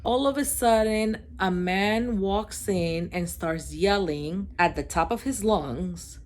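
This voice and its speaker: A woman vlogger telling a storytime, ranting in an animated, exasperated way. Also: mid-range voice, slow, few pauses, slight background noise. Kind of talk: storytime vlog.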